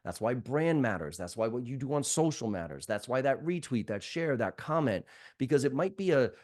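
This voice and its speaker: A man's voice: mid-range voice, normal speed. Blunt, profane man telling sales stories. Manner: blunt, profane, animated storyteller. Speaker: sales trainer, guest. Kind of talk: podcast conversation.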